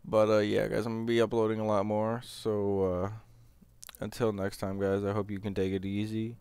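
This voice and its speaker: Low gravelly man rambling over gameplay. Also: monotone, moderate pace, a little mellow. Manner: rambling, hesitant, many fillers. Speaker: gameplay commentator. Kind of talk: casual gameplay commentary.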